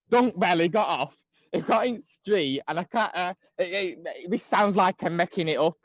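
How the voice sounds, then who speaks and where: Higher-voiced man on a dull dry mic. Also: normal speed, dry recording. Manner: storytelling, hesitant, reflective. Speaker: guest. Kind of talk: casual chat.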